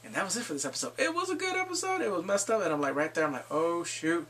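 A man casually recapping a TV episode in a vlog, excitable and profane, jumping into the characters' lines as he goes. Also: sits high, very fast. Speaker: TV episode reviewer.

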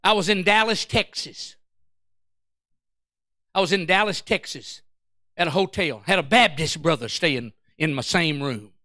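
A man preaching a fervent sermon as pastor, calling out to the congregation and shifting between shouting and quiet storytelling. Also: a little high, unhurried, pauses often, no room sound, clean studio sound.

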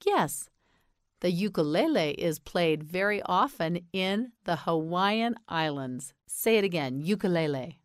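An American woman teaching English pronunciation, slowly enunciating words and patiently prompting the listener to repeat them. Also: fairly low pitch, animated, no echo, clean studio sound. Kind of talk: slow repeat-after-me pronunciation drill.

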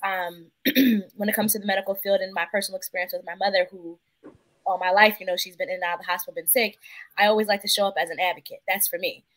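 Quick, thoughtful woman panelist. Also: mid-range voice, fairly even intonation, a bit bright, low-quality recording. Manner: thoughtful, earnest. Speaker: panelist, nonprofit worker. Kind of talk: casual panel discussion.

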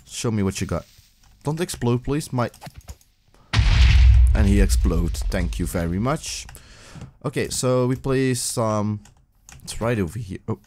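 A man hosting his own gaming video, giving rambling, casual let's-play commentary full of fillers and breaking into excited yelps, talking into a desk microphone as he plays. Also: lowish voice, unhurried, long pauses, slight background noise.

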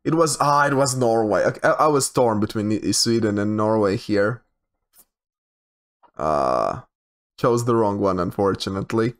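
A man's voice: fairly low pitch, expressive, measured pace. A young man giving casual commentary while he plays a geography guessing game, thinking aloud with hesitant, repeated words. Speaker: game streamer.

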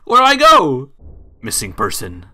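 A man's voice: mid-range voice, huge pitch swings, a little slow, pushed and bright, slight background noise. A young man giving casual, slangy, jumpy commentary while playing a horror game. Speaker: gaming streamer.

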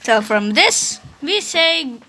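A woman with an Indonesian accent narrating a playful history cartoon, now and then bursting into shouted character bits. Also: sits high, big pitch swings, slow.

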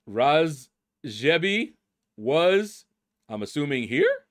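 A man's voice: mid-range voice, expressive, unhurried, a bit bright. A middle-aged man hosting a gaming channel, casually reading out leaderboard names and musing aloud as he stumbles over them.

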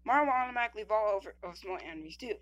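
A woman's voice: medium pitch, expressive, rapid-fire, fairly bright tone, highs cut off. A woman giving casual gameplay commentary, stammering, repeating words and reading the screen text aloud.

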